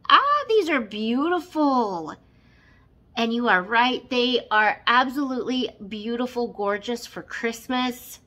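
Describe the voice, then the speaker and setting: Gushing woman vlogger with a bright voice. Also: on the high side, expressive, slow. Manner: gushing, effusive, exclaims often. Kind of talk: casual unboxing chat.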